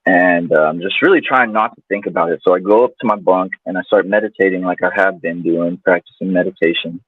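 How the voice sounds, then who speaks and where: A man's voice: low voice, fairly quick, slightly rough, no echo. A man guest telling a personal story in a loose, casual way, full of fillers. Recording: tinny phone-like line, dry.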